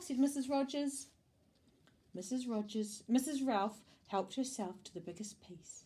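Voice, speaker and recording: A woman with a New Zealand accent reading a children's storybook aloud, with an expressive delivery and small slips and restarts. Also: mid-range voice, normal speed.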